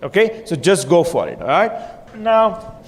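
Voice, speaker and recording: A man's voice: high voice, big pitch swings, a little slow. A man giving a motivational stage talk, repetitive and punchy, prodding the audience with questions. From India. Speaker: motivational speaker. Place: hotel conference hall. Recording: long hall reverb.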